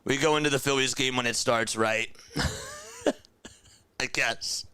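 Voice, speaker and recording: A young man calling baseball play-by-play on a live charity stream through a headset, loudly thanking donors and then speaking softly and emotionally. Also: mid-range voice, slow, smooth, no room sound. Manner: excitable, shouts thanks to donors, turns emotional and quiet.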